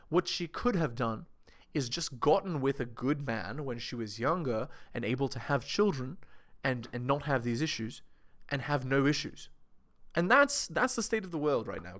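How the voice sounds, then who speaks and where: A man's voice: medium pitch, big pitch swings, moderate pace, fairly bright tone. A man giving reaction commentary to his viewers, lecturing and asking them rhetorical questions. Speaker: video commentator.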